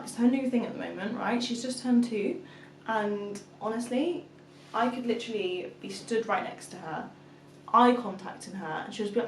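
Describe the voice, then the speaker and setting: In an echoey room with a distant mic and slight background noise, a young mother of two who vlogs chats casually to the camera and tells a story, mimicking her toddler calling out. Her mid-range voice moves at normal speed.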